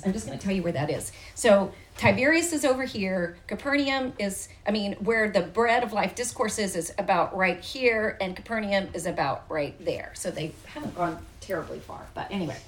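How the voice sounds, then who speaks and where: A woman's voice: medium pitch, animated, normal speed, hardly any pauses, reverberant, far from the mic, a little hiss or hum, low-quality recording. A woman leading a Bible study, explaining the text in a chatty way, asking the group questions and reading passages aloud. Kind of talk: teaching and reading scripture aloud. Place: room with a small group.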